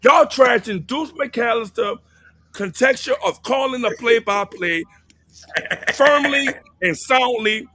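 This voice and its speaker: A man's voice: extremely high pitch, slow pace, sharp tone, dry recording. A man calling in to a fan show, indignant, repeating himself and swearing as he argues. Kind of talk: heated fan debate.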